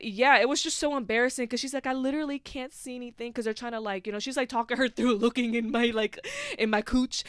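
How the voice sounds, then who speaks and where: A woman's voice: on the high side, fairly bright tone, smooth, no echo, clean studio sound. A young woman hosting a podcast, telling a personal story in casual chat, full of "like" fillers and swearing. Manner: chatty, heavy on "like", swears freely. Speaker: podcast host.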